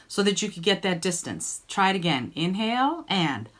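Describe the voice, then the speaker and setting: A woman's voice: mid-range voice, expressive, a little fast, fairly bright tone. Woman singing teacher coaching students. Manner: encouraging, coaching students by name and demonstrating sung vowels. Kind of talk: online group singing lesson.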